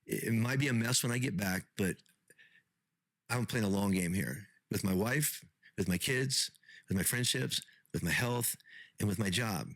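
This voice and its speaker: A man's voice: fairly low pitch, moderate pace, fairly bright tone, dry recording, low-quality recording. A middle-aged man hosting a podcast as a pastor, talking casually with frequent restarts and repeated words.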